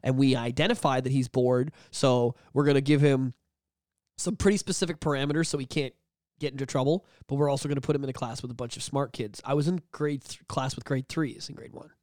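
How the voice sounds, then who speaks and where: A man in his thirties co-hosts a podcast, speaking briskly in a medium pitch, with studio-quality sound and no room noise. His casual chat is animated, profane storytelling packed with swearing and put-on voices.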